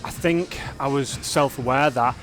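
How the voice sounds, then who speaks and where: A man talking casually to camera in a fitness vlog, energetic and rambling, reflecting openly on his days. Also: medium pitch, unhurried, faint music behind. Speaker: fitness vlogger.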